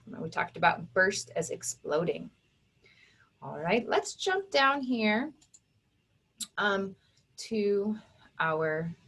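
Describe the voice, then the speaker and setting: A woman phonics teacher leads an online lesson at an unhurried, deliberate pace. She enunciates each sound with care so that young children can follow. Her voice sits at a middle pitch and she speaks through a computer mic. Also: a bit bright. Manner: slow, clearly enunciated, sounding out words for children.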